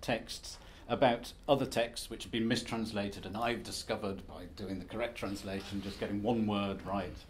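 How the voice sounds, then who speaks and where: A man's voice: lowish voice, fairly even intonation, moderate pace, hardly any pauses, a little hiss or hum. Wry male academic giving a talk. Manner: self-deprecating, wry, conversational lecturing with restarts. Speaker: academic speaker. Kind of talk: conference presentation.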